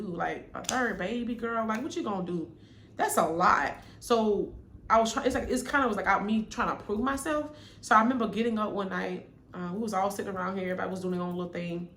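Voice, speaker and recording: A young woman speaks to her viewers in an open, conversational way, telling her own story. Her voice has a mid pitch and carries the echo of a bare room, with faint background hiss. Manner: candid, addresses viewers as y'all, quiets when sad. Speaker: vlogger. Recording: echoey room with faint noise.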